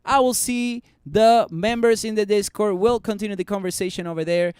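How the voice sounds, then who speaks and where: Excitable male stream host with a high, smooth voice and a dry, close sound, joking through viewer comments, sprinkling in Spanish. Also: moderate pace, no echo. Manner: excitable, joking, swings between loud and muttered; drops Spanish words into English. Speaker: stock market livestream host. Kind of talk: casual livestream chat reading comments.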